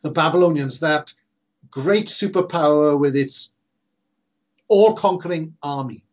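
A preacher delivers an emphatic sermon, leaning hard on slow, repeated phrases. His voice is somewhat husky and sits a little high. The recording sounds dull and lo-fi. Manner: earnest, emphatic preaching with slow stressed repetitions.

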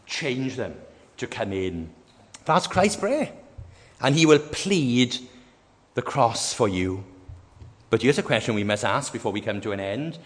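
A man's voice: medium pitch, expressive, unhurried, pauses often. A man preaching a sermon in an earnest way, building fervour and asking his listeners rhetorical questions. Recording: long hall reverb.

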